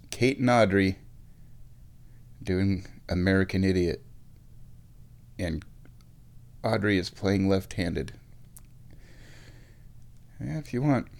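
A man in his thirties from Omaha, telling a rambling, animated story in a casual monologue, chuckling now and then and bringing quoted people to life. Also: sits low, gravelly. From Omaha, Nebraska.

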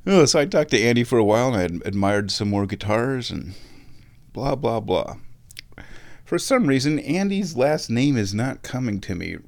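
Guy in his 30s from omaha rambling thru a story, laughs a lot, does voices for the people he quotes, middle pitch. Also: big pitch swings, normal speed, darkish tone. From Omaha, Nebraska. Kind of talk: casual storytelling monologue.

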